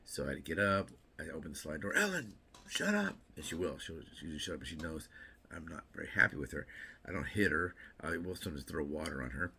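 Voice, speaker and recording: Male vlogger, low gravelly voice, chatty and meandering, with jokey asides. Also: quick pace, pushed and bright. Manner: rambling, chatty, self-interrupting with repeats and fillers; joking asides. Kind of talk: casual morning vlog chat.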